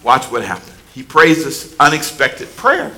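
A man preaching a sermon, telling a story with dramatic swings from quiet asides to shouted climaxes and calling the congregation to respond. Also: medium pitch, huge pitch swings, a little slow, rough recording. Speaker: pastor.

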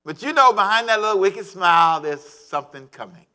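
A male pastor preaching a sermon, animated and calling on the congregation to answer back. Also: high voice, a little fast, clear, resonant tone.

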